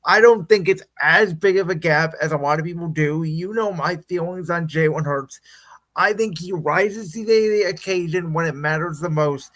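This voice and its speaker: A man's voice: a little high, normal speed, a bit bright. A man co-hosting a casual sports podcast, his voice weakened by illness, talking with hesitant restarts but firm opinions. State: weak voice from illness. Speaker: podcast co-host.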